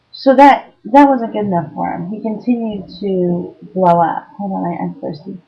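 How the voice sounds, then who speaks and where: A woman telling a story to camera in a casual, blunt way, swearing freely and filling pauses with ums. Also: mid-range voice, highs cut off. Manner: blunt, profane, lots of ums. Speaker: vlogger giving dating advice.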